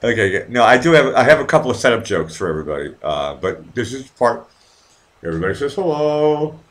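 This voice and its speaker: With a medium-pitched, sing-song voice that's a little fast and fairly bright, a man runs his own live online show. He drinks, rambles and swears a lot while casually chatting with the people in his chat.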